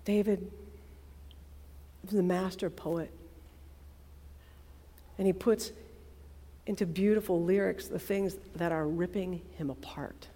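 A woman preacher giving a sermon, expressive and prayerful, repeating phrases for emphasis. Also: on the low side, slow pace, long pauses. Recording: long reverb of a large hall.

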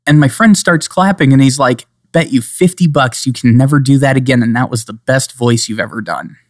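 Male podcast co-host, casual and joking, rambling delivery, mid-pitched, dry close mic. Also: animated, fairly quick, no room sound. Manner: joking, rambling, slips into playful accents. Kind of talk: casual chat.

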